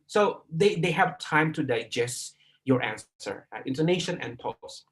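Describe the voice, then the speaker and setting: An Indonesian-accented man teaching a live online English class, his voice sitting a bit high for a man. He talks in loose runs of fillers and restarts and keeps tagging lines with "right?". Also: animated, measured pace. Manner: filler-heavy, repeats words, keeps asking "right?".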